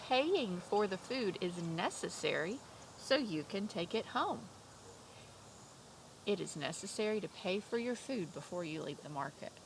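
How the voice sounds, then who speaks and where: A young woman teaching a kindergarten class from home, drawing out each word in a sing-song way. The recording carries a steady hum of background noise. Her voice sits in an ordinary middle range. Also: medium pitch. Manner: slow, clear, sing-song teacher talk with drawn-out words. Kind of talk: remote vocabulary lesson for young children.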